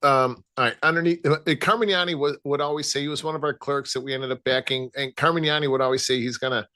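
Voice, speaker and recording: A man with a Chicago accent, casually talking through gold price levels as a trading analyst, with many halting restarts. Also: medium pitch, fairly even intonation, sharp tone. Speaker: futures trading guest analyst. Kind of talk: casual market talk.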